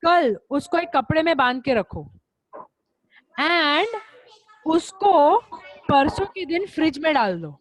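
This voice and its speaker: An Indian English-accented woman teaching online over a video call speaks in a high, animated voice, racing along and pausing often, with a little hiss or hum audible. She repeats instructions, switches into Hindi, and scolds students by name.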